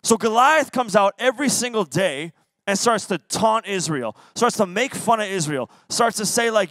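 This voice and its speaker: A young man, a youth pastor, giving a lively sermon to teens and playfully acting out quotes. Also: high-pitched, normal speed, no room sound. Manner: playful, acts out voices and quotes. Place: church youth service.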